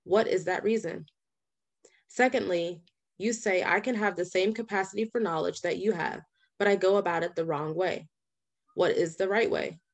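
A woman reading a nonfiction book aloud in a steady, deliberate way. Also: lowish voice. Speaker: audiobook reader.

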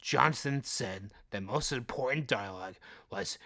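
A man with a gravelly, slightly husky voice reads movie trivia at an unhurried pace. His tone is bright and forward, and he breaks in with jokey outbursts between the facts. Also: mid-range voice. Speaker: podcast host. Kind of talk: reading movie trivia with comic asides.

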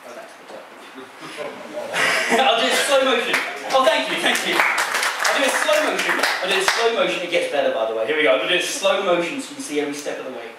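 Here the magician's fairly high voice turns sing-song and a little fast as he jokes with his volunteer over a card trick. Heavy background noise fills the echoey, distant theater recording of this live stage patter.

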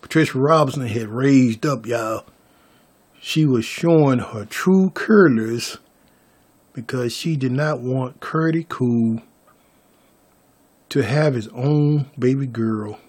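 Slow, husky man telling a story. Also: mid-range voice. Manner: stammering restarts, keeps addressing viewers as y'all. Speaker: vlogger. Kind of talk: storytelling to viewers.

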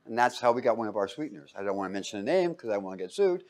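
Talking very fast in a lowish voice, a man lectures his class and poses fill-in-the-blank questions to the students. He's animated, performing quotes in little character voices.

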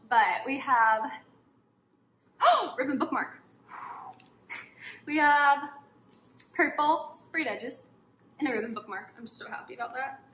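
A high, bright woman's voice, bubbly and gushing as she chats to her viewers about what she unboxes. The sound is roomy and echoey, with a faint hiss of background noise behind her. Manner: gushing, excited, talks to viewers. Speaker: book vlogger. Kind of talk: casual unboxing chat.

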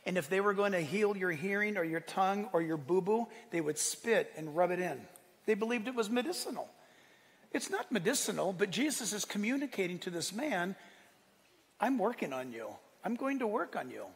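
A man preaching a sermon, lively, acting out quotes and asking his listeners questions. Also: high-pitched, brisk, big-room sound. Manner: animated preaching, acts out quotes, asks the room. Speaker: pastor.

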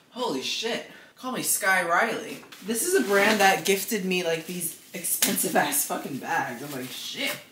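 A man's voice: sits high, animated, slow pace, reverberant, noisy background. A young man vlogging casually, dramatic and self-deprecating, gushing about things. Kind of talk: casual vlog chatter.

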